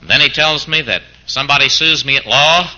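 A man's voice: on the high side, a little fast, bright, forceful tone, highs cut off. A man preaching a sermon who keeps throwing out mock-incredulous rhetorical questions, as if arguing back in the voice of a doubter.

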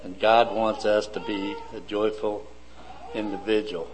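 A man preaching a sermon slowly and deliberately, building his points in lists. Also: on the low side, little pitch movement, rough recording.

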